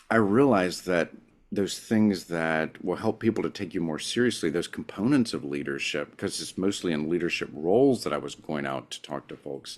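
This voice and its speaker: A man in his forties from East Tennessee with a mild Southern accent, chatting as a podcast guest, chatty and self-deprecating. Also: deep voice. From East Tennessee, USA. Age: 40s. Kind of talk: casual conversational interview.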